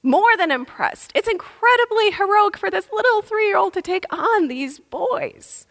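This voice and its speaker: A woman in her thirties preaching a sermon, telling a story in a lively way. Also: very high voice, unhurried, vocal fry. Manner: lively storytelling, acts out voices. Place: church. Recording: long reverb of a large hall.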